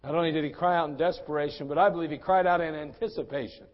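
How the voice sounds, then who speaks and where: Male pastor, high-voiced, impassioned sermon delivery, dull lo-fi church recording. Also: fairly even intonation, quick pace. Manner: impassioned preaching with big swings in loudness.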